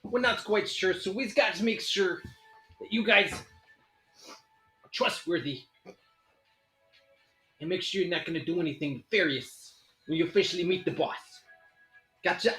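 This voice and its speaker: A man's voice: sits high, measured pace, long pauses, sharp tone, echoey room, soft background music, pitched above the performer's own voice. A man voicing a small, scheming male kobold who acts as a mob envoy, with a brash mobster swagger. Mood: bossy.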